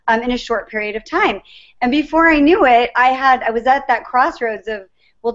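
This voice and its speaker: A woman's voice: fairly high pitch, a bit bright. A middle-aged woman guest in an interview, telling her story in an earnest, reflective way. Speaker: guest, life coach. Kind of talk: interview conversation. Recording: dull lo-fi sound.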